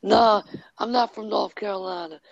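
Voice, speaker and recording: A woman from New York on a video chat, speaking slowly and hesitantly. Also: medium pitch, steady tone, vocal fry, dry recording, muffled recording.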